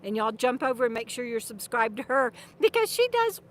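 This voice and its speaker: A woman's voice: fairly high pitch, sing-song, a little fast, a little hiss or hum. An older woman vlogger chatting casually on a live stream, rambling and restarting her sentences, laughing often and turning aside to talk to her dog. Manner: speaks to her dog between remarks. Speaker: vlogger and author.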